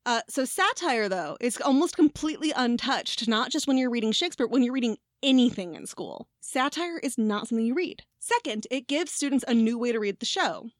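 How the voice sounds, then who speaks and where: A woman's voice: fairly high pitch, big pitch swings, fairly quick, hardly any pauses, no echo, clean studio sound. A woman in her thirties, a former teacher, co-hosting a casual chat, candid and swearing freely. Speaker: podcast co-host, former teacher.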